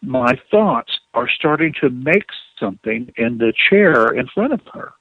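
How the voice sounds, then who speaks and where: Animated male author telling a story. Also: medium pitch, measured pace, dry recording, phone-quality sound. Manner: animated, acts out quotes. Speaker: author guest. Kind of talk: storytelling in an interview.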